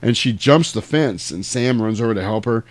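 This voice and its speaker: A man's voice: on the low side, normal speed, dry recording. A man co-hosting a podcast, casually retelling a film with jokes and voices. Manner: animated, jokey storyteller. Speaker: podcast co-host. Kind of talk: casual movie recap.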